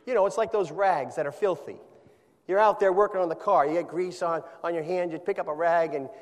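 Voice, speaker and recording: A man's voice: sits high, brisk. Preaching man in a reverberant hall. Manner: emphatic preaching, rising to forceful peaks. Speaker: pastor. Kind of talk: sermon.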